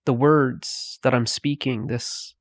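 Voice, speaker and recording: A man giving a meditative spiritual talk, speaking softly with long pauses between phrases. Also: medium pitch, steady tone, no room sound, studio quality. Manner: slow, pausing, softly spoken. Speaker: spiritual teacher.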